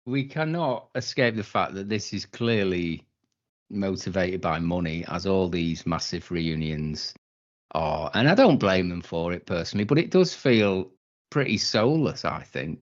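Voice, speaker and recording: A man's voice: sits low, lively intonation, unhurried, dull audio. A man with a Manchester accent, chatting casually on a podcast, blunt and wry. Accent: Mancunian. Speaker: podcast co-host. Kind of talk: casual chat.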